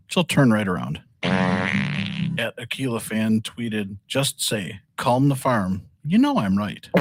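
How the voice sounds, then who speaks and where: A man hosts a comedy podcast segment, reading tweets one after another in a middle-pitched voice. He keeps it light and laughs between the lines. The sound is dry and close. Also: dry recording. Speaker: segment host.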